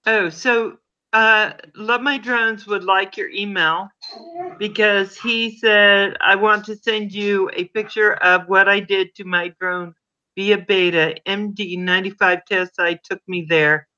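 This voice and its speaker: A woman's voice: mid-range voice, steady tone, slow, sharp tone, clean tone, lo-fi sound. Giggly woman reading stream chat. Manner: giggly, reads viewer comments aloud. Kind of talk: casual live-stream chat.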